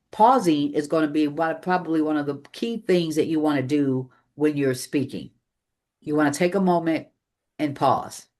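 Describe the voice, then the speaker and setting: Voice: mid-range voice, a little mellow. A public speaking coach giving a live training presentation to an audience in a meeting room, talking energetically and emphatically with shifting pace.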